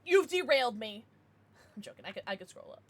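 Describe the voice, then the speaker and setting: Woman streamer in her thirties, bubbly, laughs a lot, raised pitch, lively swoops while chatting with viewers. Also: fast. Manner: bubbly, laughs often, reacts to chat. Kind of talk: casual livestream chat.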